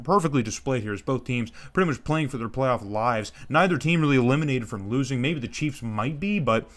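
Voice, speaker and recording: A man casually calling play-by-play over his own football video game, excitable, tripping over names and tacking "man" onto his lines. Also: medium pitch. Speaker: gaming YouTuber commentating his own franchise game.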